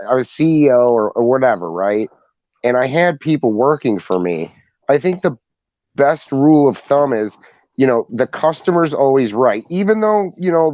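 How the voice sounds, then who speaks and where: A man's voice: mid-range voice, a little mellow, no echo, dull audio. A man co-hosting a casual podcast chat, talking in rambling stretches full of restarts and repeated words. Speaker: podcast co-host.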